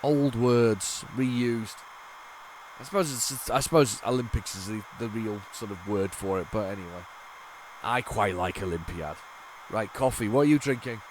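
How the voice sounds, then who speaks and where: A retro gaming channel host rambles casually while loading old game tapes, waffling and restarting his sentences a lot. He has a lowish voice at a moderate pace, and the background is noisy.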